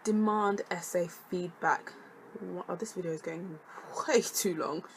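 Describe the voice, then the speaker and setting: A woman's voice: fairly low pitch, a little slow, a little hiss or hum, poor audio. A young woman, a student vlogger chatting casually to camera, sassy and jokey with lots of laughing asides. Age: young adult.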